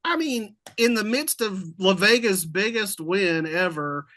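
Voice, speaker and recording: A man hosts a relaxed sports chat in a high, bright voice. He laughs easily and keeps the conversation moving. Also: measured pace. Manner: lively, laughs easily, hands the floor to guests. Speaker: podcast host, sports editor. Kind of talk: casual chat.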